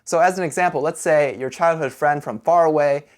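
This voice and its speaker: A man teaching a language lesson, who explains each sound patiently and slowly repeats syllables so they can be copied. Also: a little high.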